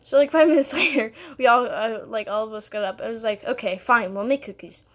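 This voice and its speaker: A woman's voice: on the high side, brisk. A young woman telling a story to her vlog viewers in a rambling, casual way, full of "like" and "um" and little laughs. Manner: rambling, heavy on "like" and "um", giggly. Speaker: vlogger.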